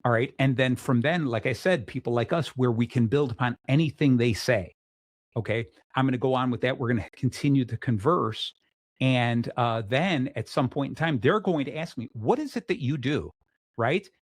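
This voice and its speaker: A middle-aged man hosting a casual interview show, energetic and full of restarts, acting out the people he quotes. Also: mid-range voice, moderate pace, no echo, clean studio sound. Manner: restarts often. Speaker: podcast host.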